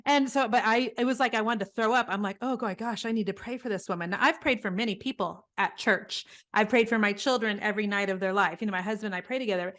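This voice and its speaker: A middle-aged woman guest in an interview, telling stories in an earnest, animated way. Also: medium pitch, fast talker, few pauses. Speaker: guest, business coach. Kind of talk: conversational interview.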